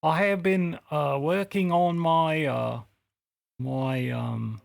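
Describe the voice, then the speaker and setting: A man's voice: a little high, slow, vocal fry. A man co-hosting an improvised comedy podcast in a put-on Australian accent, rambling and fumbling for words. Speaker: podcast co-host.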